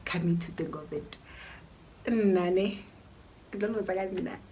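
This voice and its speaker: A young woman with a South African accent talks through a casual question-and-answer vlog, sounding frank and opinionated. Her voice sits a little low, and a faint hiss runs under it. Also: fast talker. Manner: chatty and opinionated, mixing in local languages. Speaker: YouTuber.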